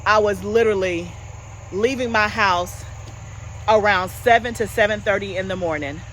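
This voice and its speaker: Woman, 40s, homestead vlog host, relaxed animated chatter, calls viewers y'all. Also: medium pitch, normal speed, a little hiss or hum, rough recording. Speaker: homestead gardening channel host. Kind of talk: casual chat.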